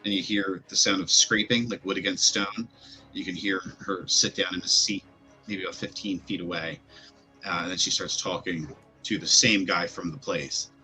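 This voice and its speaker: A man's voice: low voice, fairly even intonation, normal speed, bright, forceful tone. A man narrating a tabletop game as game master, describing sounds in loose, rambling sentences full of fillers. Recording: faint music behind.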